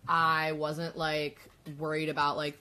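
A woman's voice: deep voice, completely flat delivery, slow, pushed and bright, clear, resonant tone. A woman in her twenties co-hosting a podcast, chatting casually with lots of fillers and casual swearing. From United States. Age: 20s. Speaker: podcast co-host. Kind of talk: casual chat.

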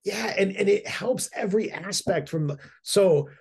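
A man's voice: sits high, normal speed, gravelly, a little mellow, breathy edge. A middle-aged man talking as a podcast guest, eager and rambling, with frequent restarts and repeated words. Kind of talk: casual podcast conversation.

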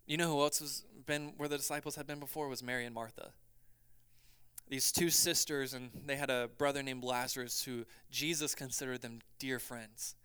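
Bright, crisp-voiced pastor preaching. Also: male voice, medium pitch, steady tone, moderate pace, no echo. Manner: swings from loud and urgent to quiet and hushed. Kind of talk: sermon.

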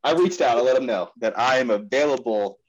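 A man of middle pitch delivers sarcastic, deadpan rants on a sports-betting podcast. His mic sounds a little dull and lo-fi. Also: a little fast. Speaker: podcast co-host.

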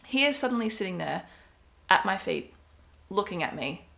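A woman's voice: mid-range voice, sing-song, moderate pace, gravelly, a bit bright. A young woman casually telling a personal story, rambling with many fillers and quoted asides. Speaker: podcast co-host.

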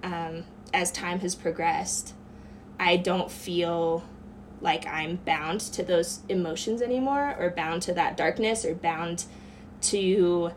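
Earnest low-voiced woman telling a story. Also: takes it slowly, a little hiss or hum. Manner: earnest, reflective, with many fillers like "um" and "like". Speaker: podcast guest. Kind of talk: personal storytelling in casual chat.

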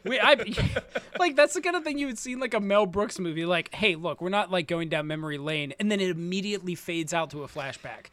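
A man co-hosting a casual anime podcast, excitable and swearing as he gleefully retells scenes from the show. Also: sits high, fairly quick. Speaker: podcast co-host. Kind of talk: casual anime review chat.

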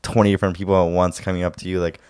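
A man with a very low, smooth voice chats casually, packing his phrases with fillers. The sound is close and dry. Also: level tone, very fast, darkish tone, no room sound. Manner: filler-heavy, "like" in every phrase. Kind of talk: casual chat.

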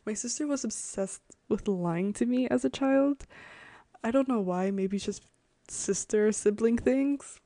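A woman's voice: mid-range voice, dark tone, no echo. A young woman from Connecticut, hosting a podcast and rambling through childhood stories with lots of "like" and giggles. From Connecticut, USA. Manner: chatty, rambling, full of "like" fillers and giggles. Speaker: podcast host. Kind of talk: casual storytelling.

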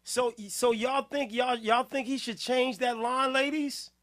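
A man hosting a music-review show in casual live-stream talk, laughing constantly, shouting "hey, yo" and repeating himself. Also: very high voice, fairly even intonation, a little slow. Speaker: podcast host reviewing music.

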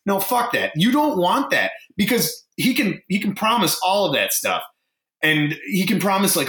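A man's voice: high voice, normal speed, roomy sound. A man co-hosting a podcast in a casual, swearing, exasperated rant. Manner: animated, swearing, exasperated ranting. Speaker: podcast co-host. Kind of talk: casual chat.

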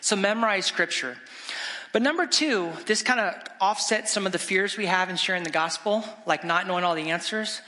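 A middle-aged man, a guest evangelist, preaching an animated, exclamatory storytelling sermon in a church sanctuary. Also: high-pitched, moderate pace. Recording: long church reverb.

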